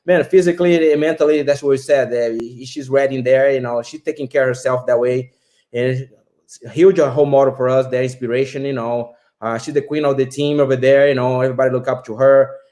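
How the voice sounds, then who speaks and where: A man's voice: medium pitch, steady tone, brisk, warm tone. A man chatting as an interview guest, easygoing, with loose phrasing and many fillers. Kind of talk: casual interview chat.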